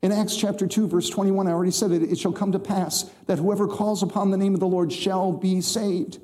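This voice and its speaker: Mellow-voiced man preaching a sermon. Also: high-pitched, level tone, a little fast. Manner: emphatic, scripture-quoting, addresses congregation directly.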